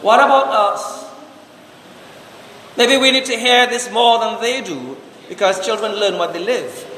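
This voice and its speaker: High bright-voiced man preaching in an echoey hall. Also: slight background noise. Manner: repeats rhetorical questions and slow emphatic commands. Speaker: priest. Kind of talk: sermon.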